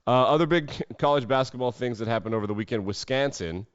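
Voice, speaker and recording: A man's voice: mid-range voice, quick pace, smooth, no echo. Man, sports podcast host, sarcastic, casual commentary, dull lo-fi audio. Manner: sarcastic, wry asides. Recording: dull lo-fi dry sound.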